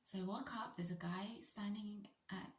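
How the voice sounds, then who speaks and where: A woman's voice: medium pitch, fairly even intonation, moderate pace, reverberant. British woman, playful whispery storyteller. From United Kingdom. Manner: playful, slips into hushed whispery asides. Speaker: vlogger telling a personal story. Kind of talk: casual storytelling.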